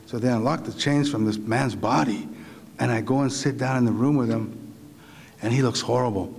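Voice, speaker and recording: A man, a visiting writer, telling a story to a live audience in a university lecture hall, animated and full of restarts. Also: mid-range voice, moderate pace, creaky. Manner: vivid, animated retelling with repeated restarts.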